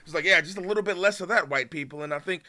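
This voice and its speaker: Man, streamer, bright tense voice, slightly high, heated rant, lots of swearing. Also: racing. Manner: heated, swears a lot, swings between loud outbursts and muttering. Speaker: streamer reacting to a video. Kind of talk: casual ranting commentary.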